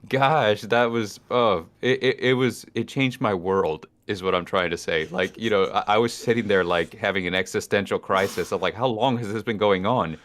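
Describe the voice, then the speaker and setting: A man's voice: on the low side, moderate pace, a bit bright. A man, chatting casually as a guest and joking around. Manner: playful, laughs often, mimics names in put-on accents; accent said to be unique. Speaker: guest narrator. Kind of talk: casual chat.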